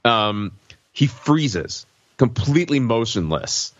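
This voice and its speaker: A man co-hosting a podcast in casual chat, speaking in an animated, emphatic way. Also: mid-range voice, slow, highs cut off. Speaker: podcast co-host.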